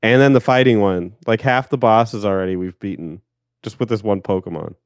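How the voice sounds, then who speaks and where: A man's voice: fairly low pitch, brisk, clear, resonant tone, no room sound, studio quality. A man co-hosting a casual gaming podcast, rambling and restarting his sentences. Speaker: podcast co-host. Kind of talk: casual chat.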